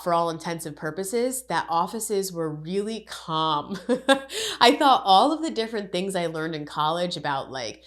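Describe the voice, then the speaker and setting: A woman coach talks through a personal story in a lowish voice. She is earnest and candid, acting out the dialogue she recalls before turning it into advice for the listener. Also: a bit bright. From Connecticut, USA. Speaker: life coach. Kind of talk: podcast monologue, personal storytelling.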